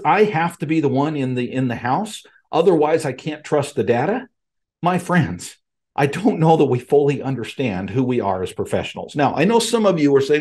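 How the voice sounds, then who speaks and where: A man's voice: mid-range voice, expressive, moderate pace, darkish tone. A man hosting a podcast from his home office, giving an emphatic monologue and speaking straight to his listeners as folks and friends. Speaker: podcast host.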